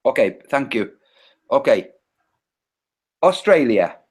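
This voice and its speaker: A man's voice: medium pitch, sing-song, slow pace, darkish tone, husky. A man presenting on a live video call, explaining step by step and often correcting himself. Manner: patient step-by-step explaining with frequent self-corrections.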